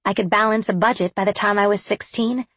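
Husky woman narrating an audiobook. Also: mid-range voice, steady tone, brisk, fairly bright tone, no room sound. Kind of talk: first-person audiobook narration.

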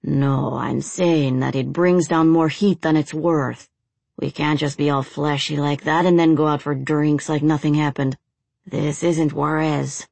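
A woman's voice: deep voice, fairly even intonation, unhurried, gravelly, a little mellow, dry recording, exaggerated voice. A woman voicing a hardened male crime boss who argues bluntly and swears, as in an audiobook. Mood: arguing. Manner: blunt, profane, argumentative. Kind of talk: audiobook character voice.

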